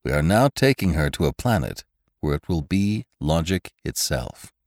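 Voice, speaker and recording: A man's voice: a bass voice, sing-song, normal speed, no echo, clean studio sound, exaggerated voice. A man voicing a weary, irritable male space traveler who snaps when pushed. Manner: tired and short-tempered, shouting in a crisis.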